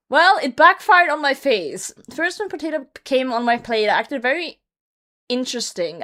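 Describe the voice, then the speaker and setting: A woman streamer with a fairly high, slightly bright voice chats casually while reading a story out loud. She cuts in with blunt, profane commentary and laughs frequently as she reads.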